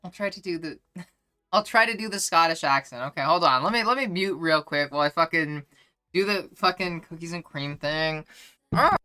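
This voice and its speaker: Soft background music plays as this woman chats casually on her livestream at normal speed, her lowish voice bright and forceful. She's blunt, swears, uses plenty of fillers, and turns self-deprecating when attempting accents.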